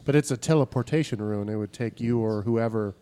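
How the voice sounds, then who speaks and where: A man's voice: fairly low pitch, a little fast, mellow, smooth. A man playing in a tabletop game, speaking formally in character as he reports to a king. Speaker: player.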